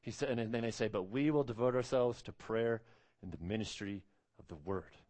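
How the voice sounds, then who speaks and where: A man's voice: lowish voice, normal speed, a little mellow. A man preaching an expository sermon as pastor, earnest and emphatic, repeating phrases and stretching out key words.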